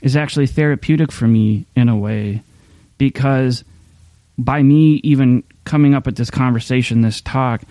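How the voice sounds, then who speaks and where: A middle-aged man pastor talks through a sermon in a loose, candid way, circling back with fillers and restarts. His voice is mellow and smooth, and it sits close and dry on the mic. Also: medium pitch, normal speed, no echo. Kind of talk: casual sermon talk.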